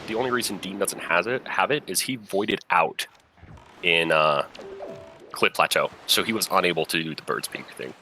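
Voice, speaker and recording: A man's voice: low-pitched, normal speed, sharp tone, slight background noise. A man commentating a live game tournament in a casual way, explaining the game's logic and thinking aloud.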